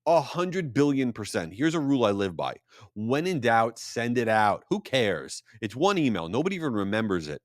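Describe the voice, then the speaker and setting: A male podcast host talking straight into a close studio mic, with a bone-dry sound and no room around him. He tells stories in a jokey, self-deprecating way, his pitch swinging widely up and down as he goes. His voice sits at an ordinary middle pitch for a man. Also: normal speed, dry recording. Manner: animated, jokey storytelling with self-deprecating asides. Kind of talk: solo podcast monologue.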